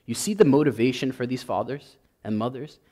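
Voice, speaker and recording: A male priest delivers a passionate sermon in a mellow, medium-pitched voice at a brisk pace. He repeats his points for emphasis, building until he's worked up.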